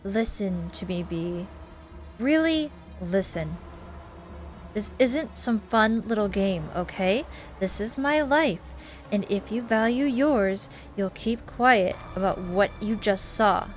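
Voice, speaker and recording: A woman's voice: medium pitch, animated, slow, faint music behind. A woman voicing a stern, threatening young woman in a game, speaking curtly and coldly. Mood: menacing. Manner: curt, cold and menacing.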